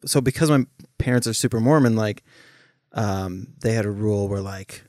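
A young man in casual conversation, relaxed and joking, laughing at his own stories. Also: on the low side, moderate pace, dry recording, studio quality.

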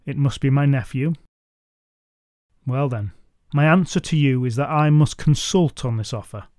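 Booming giant king, stern and slow, put on by a male narrator; mellow, dry. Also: dry recording, natural voice.

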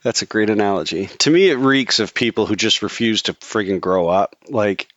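A man's voice: on the low side, brisk, a bit bright, lo-fi sound. A man co-hosting a casual chat, opinionated and swearing freely, with many restarts. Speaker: podcast co-host.

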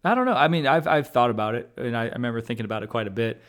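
A young adult man hosting a podcast in casual chat, laughing a lot, swearing freely, and getting loud when he is worked up. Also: medium pitch, lively intonation, rapid-fire. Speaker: podcast host.

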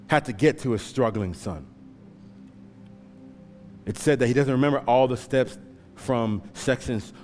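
A man preaching a sermon with passion, swinging from hushed, slow storytelling to loud pleading. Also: mid-range voice, big-room sound. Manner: impassioned, swings from hushed to shouting. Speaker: pastor.

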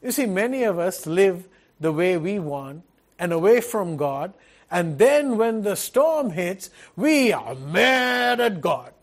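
A man delivers an earnest sermon. He preaches at a measured, unhurried pace in a fairly high voice, circling back to his points with repeated phrases and rhetorical questions. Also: very animated. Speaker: pastor.

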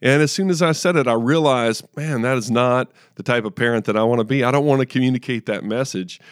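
A man's voice: mid-range voice, quick pace, no room sound, studio quality. A man in his thirties co-hosting a faith podcast, telling personal stories in an earnest way with frequent restarts. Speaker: podcast co-host. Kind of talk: casual faith discussion.

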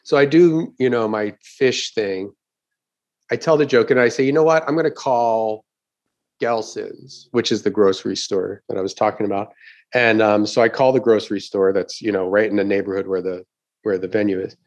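A man's voice: lowish voice, steady tone, moderate pace, darkish tone, lo-fi sound. A middle-aged man, a stand-up comedian, telling a story in casual chat, swearing often and acting out the crowd's reactions.

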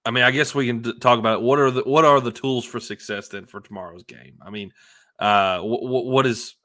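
A man co-hosting a sports podcast, telling stories with animation and chiming in with quick agreement. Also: medium pitch, steady tone, bright, forceful tone. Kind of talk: casual sports chat.

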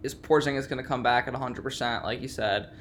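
A man's voice: medium pitch, steady tone, fast, fairly bright tone, slight background noise. A man in casual sports chat, mostly chiming in with short reactions. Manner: short interjections, laughs along.

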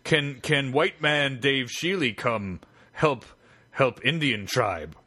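A man putting on the voice of a male prank caller, speaking in slow, halting, pompous broken phrases. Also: on the high side, slightly rough. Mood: mock solemn.

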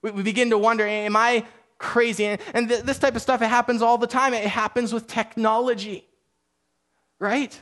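A male pastor with a high, light voice preaches to his congregation. His talk is casual and conversational, with a self-deprecating streak and plenty of restarts. It sounds like a relaxed Sunday sermon in a church. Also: brisk. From Canada.

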